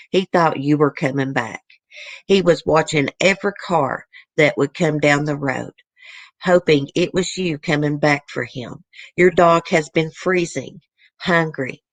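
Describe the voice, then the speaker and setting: A woman's voice: deep voice, no room sound. A woman host reading a letter aloud to her viewers in an earnest, easily moved way, stopping now and then to comment.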